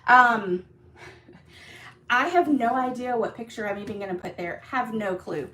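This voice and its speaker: A woman with a slightly high voice talks her viewers through a craft project in a casual live stream. She is chatty and upbeat, and she fills her sentences with ums and little laughs. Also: measured pace, pushed and bright, slight background noise. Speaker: craft demonstrator hosting a live class. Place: home craft room.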